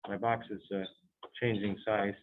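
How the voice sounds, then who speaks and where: A man's voice: fairly low pitch, little pitch movement, measured pace, background noise. A man lecturing on chemistry to students in a chatty way, with joking asides. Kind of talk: recorded lecture. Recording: tinny phone-like lecture audio.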